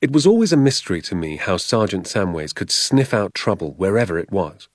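A man with a fairly low voice reads a storybook aloud in a measured, expressive way. The sound is close and dry, with no room around it. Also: dry recording. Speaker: audiobook narrator. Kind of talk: storybook narration.

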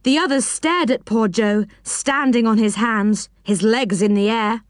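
A woman reading a children's storybook aloud, expressive and dropping her voice for each speech tag. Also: fairly high pitch, measured pace, no room sound, studio quality.

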